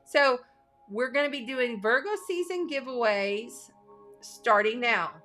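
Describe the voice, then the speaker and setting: Woman, astrology host, excitable casual chatter, bright tone. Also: fairly high pitch, unhurried, soft background music. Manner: gushing, bubbly, excitable. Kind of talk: casual livestream giveaway chat.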